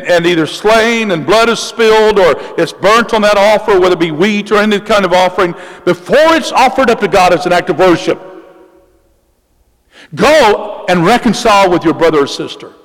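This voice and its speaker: A male pastor preaching a sermon in an emphatic way, repeating key phrases and slowing down for emphasis. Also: sits high, lively intonation, in a large hall, poor audio.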